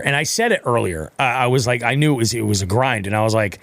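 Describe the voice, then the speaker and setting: A man's voice: medium pitch, fast, vocal fry, a bit bright, dry recording. A man co-hosting a podcast, telling a story in casual, profane chat and acting out his own quotes. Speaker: podcast co-host.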